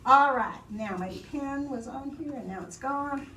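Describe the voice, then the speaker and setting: A woman teacher reading a story aloud and leading her class, slow and expressive, hushing the children. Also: high voice, distant mic, slight background noise. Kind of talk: classroom lesson and read-aloud. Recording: echoey classroom heard from afar.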